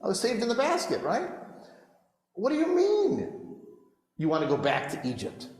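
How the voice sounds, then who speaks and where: A man's voice: extremely high pitch, wildly swooping pitch, normal speed, a little mellow, pitched above the performer's own voice, full character voice. A man voicing an exasperated old male prophet who scolds his followers in disbelief. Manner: incredulous, scolding, laughing in disbelief. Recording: echoey hall reverb.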